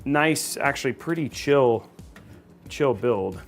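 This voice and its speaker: A man's voice: mid-range voice, lively intonation, slow pace, soft background music. A man hosting a livestream PC build, chatting casually and joking about himself, with lots of "like"s. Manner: self-deprecating, joking, talks with many "like"s. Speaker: host.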